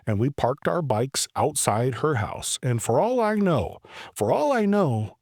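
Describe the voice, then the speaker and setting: A man in his forties hosting a podcast, telling a story about himself in an animated, self-deprecating way, with stammered restarts. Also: medium pitch, a little slow, dry recording, studio quality. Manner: animated, self-deprecating storyteller who acts out his own past lines. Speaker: podcast host. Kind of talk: personal storytelling monologue.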